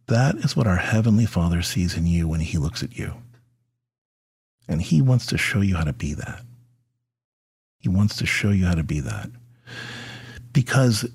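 A middle-aged man talks to fathers about faith, his voice low-pitched and somewhat husky. His delivery is animated and swings widely in pitch. He is conversational and unscripted, with plenty of fillers and repeated words. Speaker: podcast host. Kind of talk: faith talk addressed to fathers.

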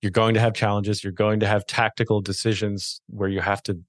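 A man's voice: on the low side, level tone, a little fast, no room sound, clean studio sound. A man hosting a podcast, chatting casually and rambling with restarts. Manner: friendly, rambling, with many restarts and fillers. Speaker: podcast host. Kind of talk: casual interview chat.

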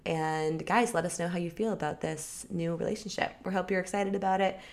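A woman's voice: lowish voice, fairly even intonation, fairly quick, creaky. A young woman co-hosting a casual gossip podcast, upbeat and chatty, laughing often. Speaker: podcast co-host. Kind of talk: casual celebrity gossip chat.

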